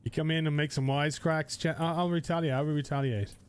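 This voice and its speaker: A man's voice: a little high, fairly even intonation, fast, clear, resonant tone. A man live-streaming a survival game, chatting to viewers in a rambling, casual way and swearing freely.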